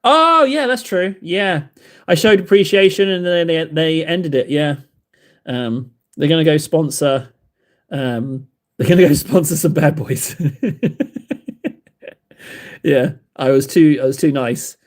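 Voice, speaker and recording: Speaking slowly with many pauses in a fairly high voice, a livestream host paints miniatures and chats casually with viewers in his live chat. He rambles, makes fun of himself, and laughs frequently.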